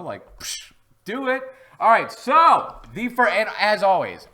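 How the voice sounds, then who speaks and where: A man's voice: on the high side, bright, forceful tone. A man hosting a casual live-stream product review from home, chatty and rambling, with easy jokes. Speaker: host.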